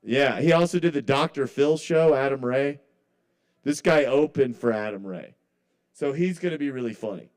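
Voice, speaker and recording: A man's voice: medium pitch, normal speed, a little mellow. A man performing a rambling, conversational stand-up set at an open mic, often trailing off mid-thought. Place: live kava bar open mic.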